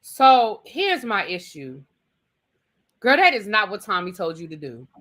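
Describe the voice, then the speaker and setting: Bright-voiced, opinionated woman co-host. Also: mid-range voice, very animated, unhurried. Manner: opinionated, emphatic, addresses people directly. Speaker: podcast co-host. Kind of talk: casual recap chat.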